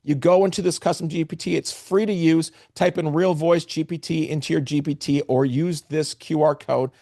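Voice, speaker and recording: A man's voice: on the high side, steady tone, normal speed, gravelly, dark tone, dry recording, studio quality. A man presenting a live webinar, talking to the chat with energy and restarting phrases often.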